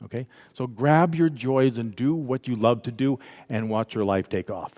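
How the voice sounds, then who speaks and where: A man leading an interactive spiritual workshop at a church, talking in a lively, conversational way and acting out the voices he quotes. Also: medium pitch, moderate pace. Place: church hall. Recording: echoey hall with long reverb.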